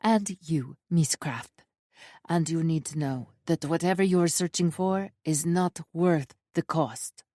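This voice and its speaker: A cold, commanding woman captor with a Russian accent, as read by an audiobook narrator. She gives clipped orders in a low voice, recorded dry and close. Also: a little slow, warm tone, no echo.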